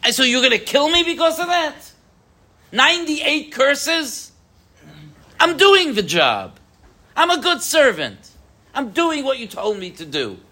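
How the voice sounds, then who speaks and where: A man's voice: very high-pitched, very animated, a little slow, pauses often, pushed and bright, pitched above the performer's own voice, heavily acted. A man voicing his own male inner cynic, who protests in exasperated rhetorical questions. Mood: indignant.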